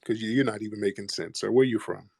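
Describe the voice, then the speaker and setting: A man's voice: lowish voice, steady tone, fast talker, creaky, darkish tone, slightly rough, no room sound, clean studio sound. A man hosting a live call-in show, talking in a blunt, preachy, confrontational way. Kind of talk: heated casual talk.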